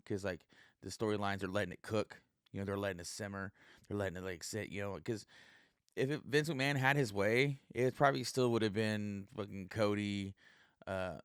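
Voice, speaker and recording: A man with a low, smooth, resonant voice talks on his own podcast in a loose, meandering way, swearing freely and filling gaps with "uh" and "you know." He sounds like a stand-up comic just shooting the breeze. The recording is close and dry, with no room sound. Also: no echo. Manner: rambling and profane, heavy with fillers. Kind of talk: casual solo podcast monologue.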